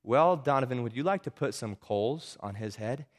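A man voicing a calm, gently joking father in a story he reads aloud during a sermon. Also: medium pitch, moderate pace, close to an everyday voice. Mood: gentle. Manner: calm, teasing.

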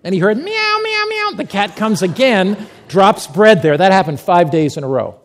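A man's voice: high voice, normal speed. A male preacher giving a sermon, telling a story and reading scripture with emphatic delivery.

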